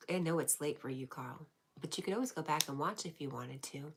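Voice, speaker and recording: A woman with a low, deep voice reads and answers live chat as a stream host. She talks softly and affectionately, often sinking into a breathy whisper between plainer phrases. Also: a little fast, noisy background. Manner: soft-spoken, often dropping into a whisper; warm, affectionate replies with frequent laughs. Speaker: livestream host.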